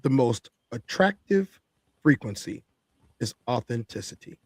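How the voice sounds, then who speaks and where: A man's voice: medium pitch, very animated, measured pace, slightly rough, no room sound. A man co-hosting a talk show, giving opinionated commentary in an emphatic, preachy way and repeating his points for effect. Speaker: podcast co-host.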